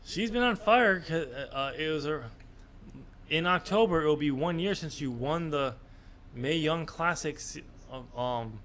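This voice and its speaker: A man's voice: on the high side, unhurried, a bit bright, slight background noise. Man hosting a casual wrestling chat. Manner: hesitant, many fillers. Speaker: podcast co-host.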